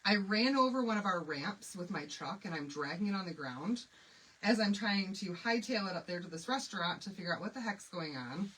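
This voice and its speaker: Bright-voiced woman chatting with her viewers. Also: medium pitch, brisk, breathy edge, distant mic, low-quality recording. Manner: animated, confiding, addresses viewers and commenters by name. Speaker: craft livestream host. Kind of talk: chatty storytelling while demonstrating a craft.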